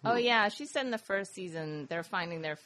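A woman's voice: mid-range voice, animated, fairly quick, a bit bright. A woman co-hosting a casual podcast, reading a listener email and chatting eagerly. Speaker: podcast co-host.

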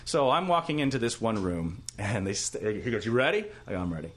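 Lively, animated male storyteller. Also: lowish voice, a little fast. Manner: animated, acts out other people's lines. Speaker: actor telling a career story. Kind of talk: casual storytelling interview.

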